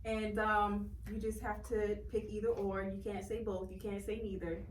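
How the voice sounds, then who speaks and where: A woman's voice: medium pitch, little pitch movement, normal speed, far from the mic. A woman hosting a casual interview, playful and upbeat, asking light questions and laughing often. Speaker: interviewer host. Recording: roomy echo, away from the mic, faint hiss.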